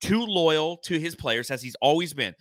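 A man's voice: on the high side, lively intonation, moderate pace, a bit bright, no room sound, studio quality. A man co-hosting a casual sports podcast, blunt and profane, rattling off stats and calling out the coaching. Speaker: podcast co-host.

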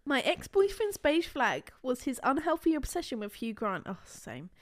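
A young woman co-hosting a podcast, chatty, giggly and excitable in casual talk. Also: high voice, moderate pace. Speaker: podcast co-host. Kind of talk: casual chat.

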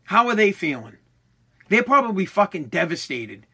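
A man's voice: high-pitched, big pitch swings, moderate pace, bright, forceful tone, husky. An American man delivering a heated, profanity-laced rant to his followers, often stammering and restarting his sentences. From United States. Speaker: online commentator.

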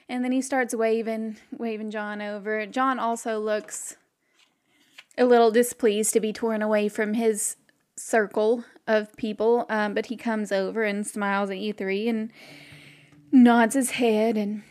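A woman's voice: mid-range voice, little pitch movement, unhurried, darkish tone. A woman narrating a tabletop game as game master, with lots of fillers and laughter. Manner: laughing often, filler-heavy.

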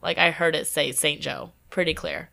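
A woman co-hosting a podcast, telling a story in a casual, animated way and acting out the quoted voices. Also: sits low, moderate pace, gravelly. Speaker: podcast co-host.

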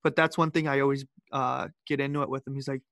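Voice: medium pitch, flat delivery, quick pace, a bit bright, no room sound, clean studio sound. A co-host in a casual interview, making jokey asides and asking questions. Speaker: podcast co-host.

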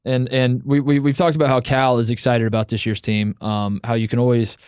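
A man co-hosting a casual sports podcast, telling stories in an animated way and laughing often. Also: mid-range voice, a little fast, clear, resonant tone, dry recording, clean studio sound. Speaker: podcast co-host.

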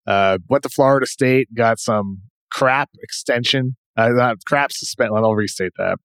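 Man, New England accent, mid-pitched, dry studio sound, brisk informal podcast host. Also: fairly bright tone, clear, resonant tone, no echo. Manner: brisk, informal, rundown style. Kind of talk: casual basketball chat.

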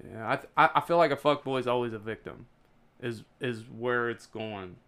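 A man with a smooth, resonant voice co-hosts a casual podcast. He reads out numbered lists, jokes, and teases his co-hosts. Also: medium pitch, normal speed, a bit bright. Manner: jokey, teasing, laughs at his own puns. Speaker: podcast co-host. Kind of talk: casual chat, reading a list.

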